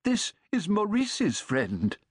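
A man's voice: sits high, wildly swooping pitch, slow pace, breathy edge, dry recording, studio quality, voice pushed up, exaggerated voice. A man reading a storybook voices a flustered, overjoyed old man who stammers and exclaims. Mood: eager.

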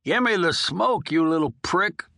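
Male reader as a raspy-edged, dying old prisoner, crude and demanding, pitched up, slow and dry. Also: animated, bright, forceful tone, no echo, full character voice. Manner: coarse, drawling, wheedling then demanding.

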